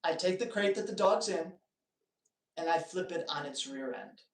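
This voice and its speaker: Male live-stream host, lively and joking, recorded at a distance in an echoey room. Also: on the high side, normal speed. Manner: animated storytelling, joking asides. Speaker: dog trainer hosting a live Q&A. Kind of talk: casual live-stream talk.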